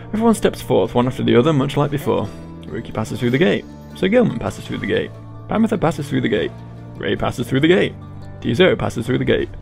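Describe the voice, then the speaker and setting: A man's voice: mid-range voice, very animated, brisk, gravelly, hardly any pauses, darkish tone, faint music behind. A man reading game text aloud with playful asides while he plays. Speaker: gaming YouTuber. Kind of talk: game narration and commentary.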